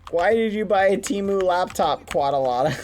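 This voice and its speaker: A streamer in casual live-stream gaming chat, talking straight to viewers and swinging from groans to high shrieks. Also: expressive, moderate pace, a little mellow.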